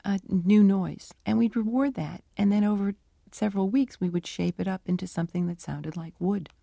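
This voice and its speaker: A middle-aged woman researcher answering interview questions and telling her work stories with lively, acted-out dialogue. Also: mid-range voice, normal speed, vocal fry, no echo. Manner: animated storytelling, acts out dialogue. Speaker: animal cognition researcher.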